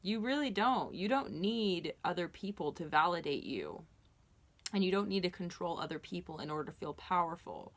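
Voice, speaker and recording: A woman's voice: lowish voice, lively intonation, normal speed. A woman giving a casual tarot reading, talking in an earnest, reassuring way with many fillers and restarts. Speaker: tarot reader.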